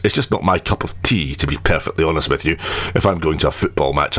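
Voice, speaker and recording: A man's voice: low-pitched, a bit bright. A man commentating over a football career game, rambling into wordy, self-mocking digressions. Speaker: gaming commentator.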